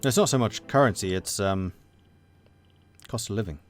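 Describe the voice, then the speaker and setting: A man's voice: on the low side, normal speed, faint music behind. A man hosting a let's play, giving casual, rambling gameplay commentary with fillers.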